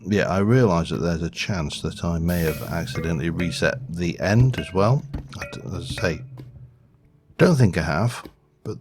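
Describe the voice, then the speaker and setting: A man's voice: sits low, moderate pace, over music. A man giving rambling, self-deprecating casual commentary over a game. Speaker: gaming video host.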